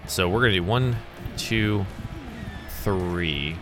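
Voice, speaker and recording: A man from the American South narrating a tabletop game as game master, animated and chuckling between dice rolls. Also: sits low, slow pace, music in the background.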